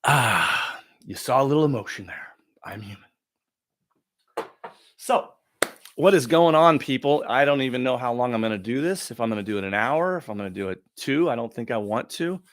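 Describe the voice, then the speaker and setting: A middle-aged man from Oregon hosting a livestream Q&A, talking in a rambling, confessional way with pauses and restarts. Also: medium pitch, lively intonation, no echo. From Oregon, USA. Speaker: livestream host. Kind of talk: casual livestream Q&A monologue.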